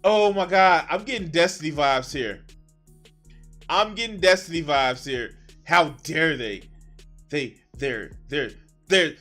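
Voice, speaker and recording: Male streamer, bright high voice, slow mocking reaction commentary, laughs a lot. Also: animated, faint music behind. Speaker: streamer reacting to a debate clip.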